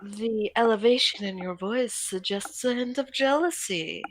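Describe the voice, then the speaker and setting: A woman's voice: fairly high pitch, measured pace, slight background noise, pitched above the performer's own voice, natural voice, poor audio. A woman voicing a haughty noblewoman in a tabletop game who talks with a heavy foreign accent and a teasing, condescending manner.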